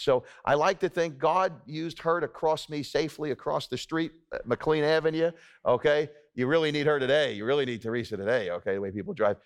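A male pastor delivers a sermon from the pulpit. His voice sits a little higher than most men's. He preaches in a loose, conversational way and keeps checking in with the congregation. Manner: conversational preaching with frequent "okay?" asides to the congregation.

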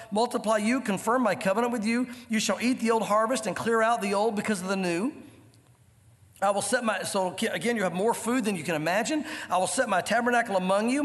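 A man preaching a sermon in a church hall, animated and joking in asides. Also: high-pitched. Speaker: pastor. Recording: long hall reverb.

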